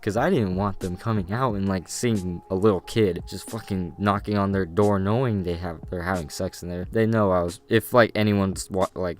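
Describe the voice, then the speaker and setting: A young man, a vlogger, casually telling a story to camera, animated, swearing freely and laughing often. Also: on the low side, smooth.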